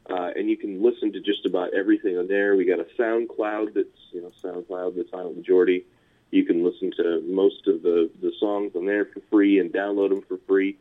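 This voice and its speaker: Rambling Californian man on a tinny line. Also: low voice. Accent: Californian American. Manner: rambling, chuckling, filler-heavy. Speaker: punk musician guest. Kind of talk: casual interview chat. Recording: tinny phone-line audio.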